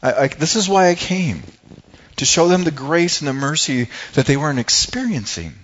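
A man voicing a calm, gentle teacher, speaking softly and slowly, recorded with dull lo-fi sound. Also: fairly high pitch. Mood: earnest.

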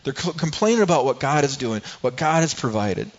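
A man's voice: mid-range voice, expressive, fairly quick. Male pastor, sermon, conversational, stumbling restarts, slightly dull lo-fi sound. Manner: conversational preaching with frequent restarts and acted-out quotes.

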